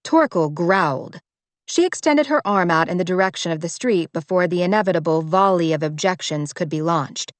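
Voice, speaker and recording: A woman narrating a romance audiobook in a measured, even way on a close microphone. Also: lowish voice, dry recording. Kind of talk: scripted narration.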